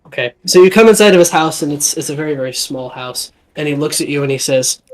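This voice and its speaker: A man running a live tabletop game as dungeon master, narrating in a halting, rambling way. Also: a little high, expressive, low-quality recording. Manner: rambling, halting, lots of fillers.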